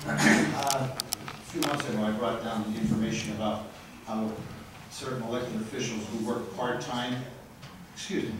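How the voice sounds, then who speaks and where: A man's voice: medium pitch, steady tone, moderate pace, pauses often, background noise. A frustrated man giving a blunt, rambling public comment at a city council meeting. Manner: frustrated, grows loud and accusatory. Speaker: resident speaking at public comment. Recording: very echoey council chamber from far off.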